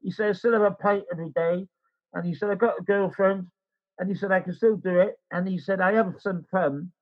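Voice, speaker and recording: A man's voice: high voice, a little fast, highs cut off. Older man telling a rambling story. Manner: rambling, animated storytelling with quoted voices. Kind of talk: casual anecdote.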